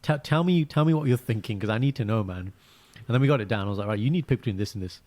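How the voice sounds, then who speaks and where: A young man co-hosting a casual podcast, telling animated stories and acting out quotes in a high voice. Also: very fast. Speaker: podcast co-host. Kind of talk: casual chat.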